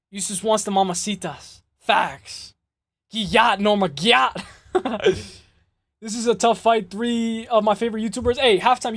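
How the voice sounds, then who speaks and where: A man with a rather high voice hosts a live fight stream in a loose, casual way. He swears freely and chats straight back to his viewers. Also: a bit bright, no echo. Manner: loose, swearing, reads chat aloud. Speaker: host of a live MMA stream.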